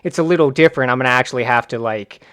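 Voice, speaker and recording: A young man chatting on a podcast in a laid-back, reserved way, pausing on fillers. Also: medium pitch, a bit bright, smooth. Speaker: podcast guest, gaming YouTuber. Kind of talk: casual podcast chat.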